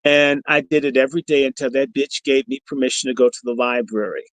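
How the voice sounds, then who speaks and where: A man's voice: medium pitch, fairly quick, no echo, rough recording. Profane, combative middle-aged man telling a story. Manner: animated storyteller. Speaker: podcast host. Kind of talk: storytelling monologue on a livestream.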